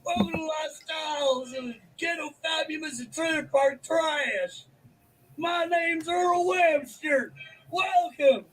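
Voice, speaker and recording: A man voicing a crude, loud trailer-park man who shows off his run-down house in a comedy sketch. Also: very high-pitched, slow, slight background noise, pitched above the performer's own voice, exaggerated voice, low-quality recording. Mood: rowdy.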